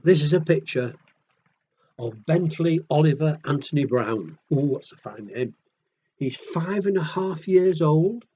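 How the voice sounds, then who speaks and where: A man reading picture books aloud to children in a gentle, chatty way, often asking the listener questions. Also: fairly high pitch, expressive, unhurried, breathy edge, lo-fi sound. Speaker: children's storyteller.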